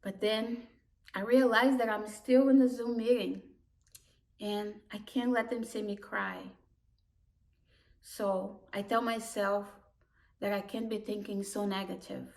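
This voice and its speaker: A woman telling a personal story about her own life in a halting, emotional way, with broken restarts. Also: mid-range voice, fairly even intonation, darkish tone. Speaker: immigrant community worker. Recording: voice distant from the mic.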